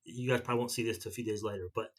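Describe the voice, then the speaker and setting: A man's voice: on the low side, steady tone, rapid-fire. A man in his fifties chatting casually on his vlog, a rambling storyteller who often repeats and restarts himself. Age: 50s. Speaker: vlogger. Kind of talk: casual chat.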